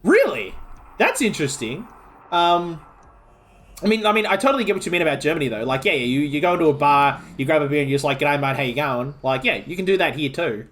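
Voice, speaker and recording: A man's voice: fairly high pitch, animated, quick pace, fairly bright tone. A man with an Australian accent streaming a video game, chatting casually and rambling with lots of filler words and restarts. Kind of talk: casual chat while playing a game.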